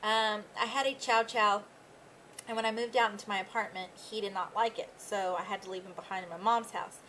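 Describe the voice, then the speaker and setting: Young woman, casual pet vlog, bright voice, light background hiss. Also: fairly even intonation, a little fast, poor audio. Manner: chatty, with high baby talk to her dogs. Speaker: pet vlogger. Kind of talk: casual chat, reading tag questions aloud.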